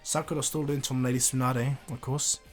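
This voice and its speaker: A man tells a fan story casually, rambling with fillers and restarts. His voice sits at a middle pitch, with faint music playing behind him. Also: flat delivery, fairly quick.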